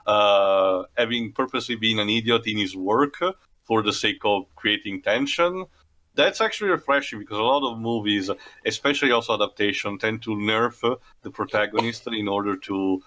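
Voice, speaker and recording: A man's voice: lowish voice, normal speed, sharp tone. A man giving casual, wry movie commentary as a co-host. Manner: wry, sarcastic quips. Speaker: podcast co-host.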